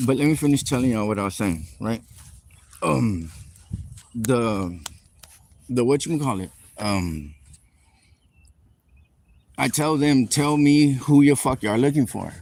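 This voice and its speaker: A livestreamer's voice, male and on the low side with a slightly mellow quality, tells a heated, profanity-laced, rambling story during a live stream rant. He recorded it on a phone outdoors on a city street, and a little background noise comes through.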